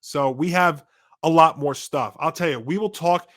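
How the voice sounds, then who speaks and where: Ranting sports podcast co-host, hoarse. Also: male voice, a little high, normal speed. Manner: animated ranting, frequent restarts. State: losing his voice. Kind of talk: casual sports talk.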